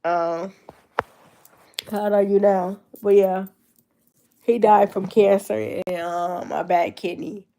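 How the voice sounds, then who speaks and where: A nineteen-year-old woman with a cold and a stuffed-up nose rambles through a casual livestream chat, answering comments from her viewers. Her mellow, medium-pitched voice is fairly even, slow, and broken by frequent pauses.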